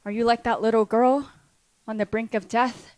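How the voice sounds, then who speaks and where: Woman pastor, sermon, impassioned, repetitive, high voice, dry close sound. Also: fairly even intonation, moderate pace, a little mellow, no room sound. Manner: impassioned, repetitive, direct to congregation. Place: church.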